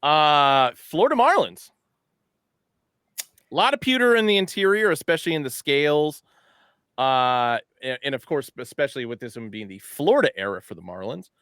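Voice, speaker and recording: A man's voice: fairly high pitch, sing-song, normal speed, fairly bright tone, smooth, dry recording, clean studio sound. A man hosting a casual product recap, upbeat and joking with his co-hosts. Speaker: show host presenting new hats.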